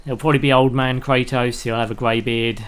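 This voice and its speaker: A man's voice: mid-range voice, flat delivery, fairly quick, clean tone. Man, live streamer, casual gameplay commentary, rambling, chatty, talks to chat. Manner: laughs easily at his own jokes. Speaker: live streamer playing a video game.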